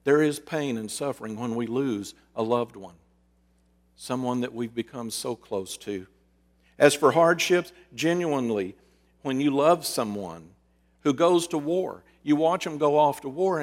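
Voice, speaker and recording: A man preaching a sermon, with dramatic pauses and rhetorical questions that he then answers himself. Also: medium pitch, in a large hall. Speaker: pastor.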